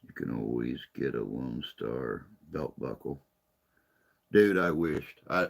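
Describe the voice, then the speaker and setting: A man's voice: very deep voice, lively intonation, slow, gravelly. A man chatting casually on a live stream, rambling and folksy, a little tired and unwell.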